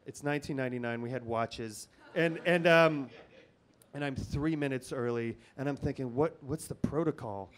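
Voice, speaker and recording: A man's voice: medium pitch, normal speed. A man telling a rambling comic story on stage at a live show, nervous and full of restarts and fillers. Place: live comedy venue.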